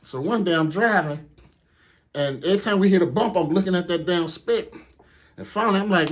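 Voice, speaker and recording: A man's voice: sits high, fairly quick. A man telling a comedic story about his trucking training in a casual, profane, slangy way. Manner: profane, laid-back, slangy. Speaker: truck driver.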